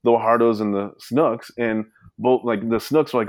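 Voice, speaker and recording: A man's voice: medium pitch, fairly even intonation, moderate pace, no room sound. Rambling man, dry close sound. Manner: rambling, full of "you know" fillers. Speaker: guest. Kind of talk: casual storytelling.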